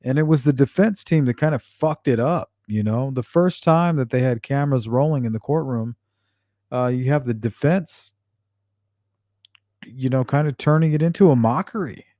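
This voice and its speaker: A man's voice: medium pitch, normal speed, dark tone, no echo, clean studio sound. A man hosting a true-crime livestream, chatting casually and reading out viewer comments, blunt and often profane. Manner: blunt and profane, with frequent fillers.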